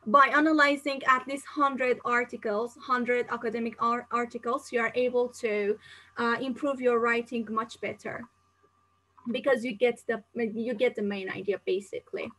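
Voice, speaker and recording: Bright-voiced young female teacher. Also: on the high side, steady tone, moderate pace, low-quality recording. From not Turkey, living there. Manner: chatty, explains with many examples and fillers. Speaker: English teacher answering live questions. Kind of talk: live Q&A lesson.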